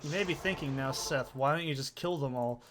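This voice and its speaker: A young man casually commenting on his own gameplay as a let's play host, excitable and swearing often as he talks to himself. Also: medium pitch, a little fast, background noise.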